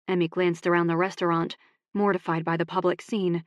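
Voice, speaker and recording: A woman narrating a romance audiobook in a calm, even voice on a close studio mic. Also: on the low side, a little fast, no room sound, lo-fi sound.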